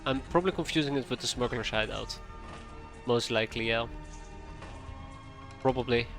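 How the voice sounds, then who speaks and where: Streamer guy chatting thru his game, bright tone, light music under it. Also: mid-range voice. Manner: chatty, talks to himself while playing, quick asides. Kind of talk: casual live gameplay commentary. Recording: faint game music behind.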